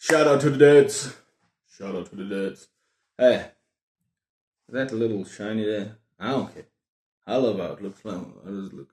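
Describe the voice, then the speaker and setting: Caffeinated guy rambling about books, mid pitch, jumpy jokey delivery, echoey room. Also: darkish tone. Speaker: book vlogger host. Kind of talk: rambling casual monologue. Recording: roomy echo.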